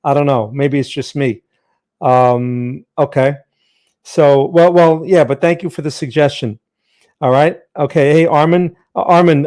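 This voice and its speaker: Chatty male stream host, slightly high voice. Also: moderate pace, a little mellow. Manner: chatty, greets viewers by name, frequent fillers and restarts. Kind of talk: casual live-stream talk.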